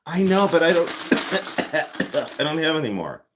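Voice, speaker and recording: A man's voice: a little high, sing-song, unhurried, very noisy. A man in his fifties hosting a casual livestream, rambling and joking as he chats with viewers by name. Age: 50s. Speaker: livestream host and jewelry collector.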